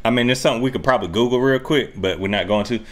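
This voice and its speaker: A man's voice: medium pitch, racing, over music. A man co-hosting a reaction video, chatting casually in a laid-back, joking, slangy way.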